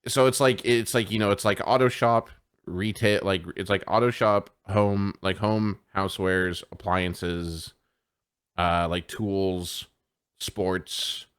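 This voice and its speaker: A man with a fairly low voice chatting on a live podcast. He rambles through a story full of filler words and swearing, laughing along at his own anecdote in a loose, casual chat. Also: level tone, slow pace, a bit bright, smooth. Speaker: podcast co-host. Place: home streaming setup.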